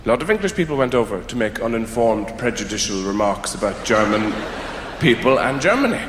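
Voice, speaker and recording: An Irish man doing stand-up comedy, wry and rambling, shifting between mumbled asides and loud outbursts. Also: medium pitch, very animated, brisk, background noise. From Ireland. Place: theatre stage before a live audience. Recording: roomy hall with long reverb.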